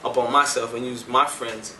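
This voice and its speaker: A man, a music producer, telling his story in an interview at an indoor venue, animated and acting out the dialogue he recounts. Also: mid-range voice, normal speed, slight background noise. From United States. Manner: animated, acts out quoted dialogue. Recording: echoey room, mic at a distance.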